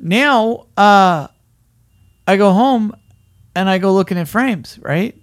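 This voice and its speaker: Animated male podcast host with a fairly high voice, chatty storyteller, dry close mic. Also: slow pace, dry recording. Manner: animated, keeps asking "right?", frequent fillers. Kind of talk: casual storytelling chat.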